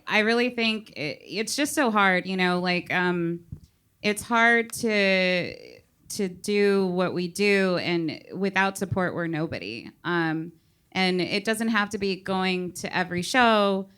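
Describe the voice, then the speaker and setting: Bubbly woman with a smooth voice. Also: medium pitch, slow. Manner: bubbly, laughing, animated. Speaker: comedian. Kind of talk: panel discussion.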